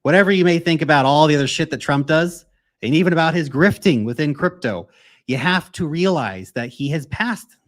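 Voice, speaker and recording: An American man in his thirties hosts a casual crypto livestream, reading out and answering viewer questions. He talks bluntly and swears freely, driving his points home with emphasis. His voice sits at an ordinary middle pitch for a man. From United States.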